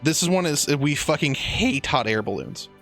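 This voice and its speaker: A young man improvising a silly story on a podcast, rambling and excitable with plenty of swearing. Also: on the high side, normal speed, soft background music. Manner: rambling, excitable, swears a lot, many restarts.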